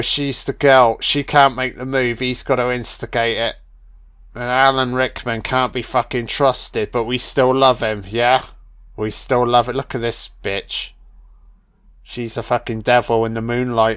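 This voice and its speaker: A man giving a casual film commentary, excitable and heavily profane, full of slang and calling listeners man, son and baby. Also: mid-range voice, clean tone.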